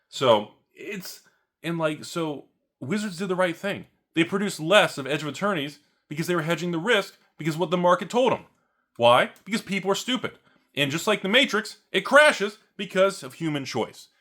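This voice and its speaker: A man's voice: on the high side, fairly bright tone. A man hosting a card-collecting vlog, ranting sarcastically with jokes and asides. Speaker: card store owner and channel host.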